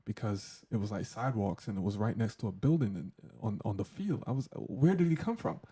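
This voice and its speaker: A man's voice: lowish voice, a little fast, warm tone, slightly rough. A man hosting a casual hands-on audio tutorial, joking loosely and talking through settings as he tests them. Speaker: tech tutorial host.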